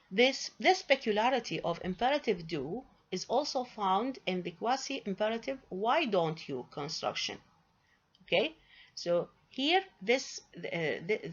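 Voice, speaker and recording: A woman's voice: mid-range voice, highs cut off. A woman teaching English grammar in a lecture, explaining step by step with many fillers and rhetorical questions.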